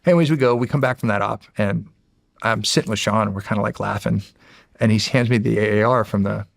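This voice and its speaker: A deep, gravelly man from Pennsylvania recounts his experiences in a loose, conversational way. He swears often and trips over restarts. His voice sounds close and dry, with no room echo. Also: fast talker. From Erie, Pennsylvania. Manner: rambling, profane, restarts phrases, acts out quoted dialogue. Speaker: guest, former Navy SEAL. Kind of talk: casual interview storytelling.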